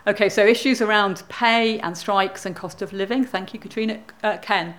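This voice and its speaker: A woman's voice: mid-range voice, normal speed, fairly bright tone. Female worship leader, informal, talks with the congregation. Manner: informal, chatty address to the congregation. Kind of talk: leading a church service.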